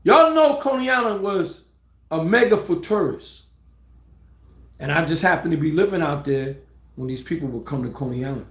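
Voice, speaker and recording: A middle-aged man live-streaming a casual story, rambling and excitable, often restarting his words and swearing freely. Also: a little high, moderate pace. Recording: roomy echo.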